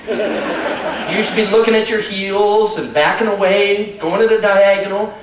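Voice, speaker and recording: A man's voice: high-pitched, fairly even intonation, measured pace. A man giving a playful, joking live lecture about wildlife in a large hall, recorded from far off. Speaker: nature lecturer. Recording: echoey hall from far off, noisy.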